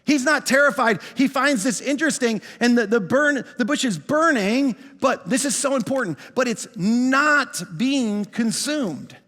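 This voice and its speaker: High-voiced man preaching in a reverberant hall. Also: expressive, sharp tone. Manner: emphatic, repeats words, slows down on key phrases. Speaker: pastor. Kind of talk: sermon.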